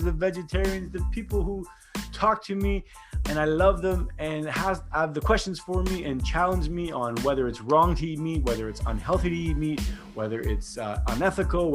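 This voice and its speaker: Male podcast host, quick and chatty, middle pitch, repeats himself. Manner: upbeat, chatty, repeats greetings and phrases. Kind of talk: solo podcast monologue.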